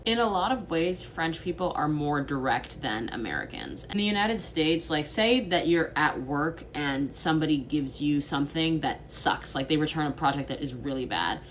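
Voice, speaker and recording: Young woman vlogging, low voice, chatty n blunt, quick asides. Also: a little hiss or hum. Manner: chatty and direct, with quick asides and mocking impressions. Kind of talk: casual talking-to-camera vlog.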